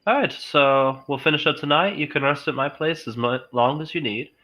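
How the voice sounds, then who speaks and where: Male tabletop player, bright tone, fatherly in-character delivery. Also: a little high, fairly quick. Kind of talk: casual in-character play.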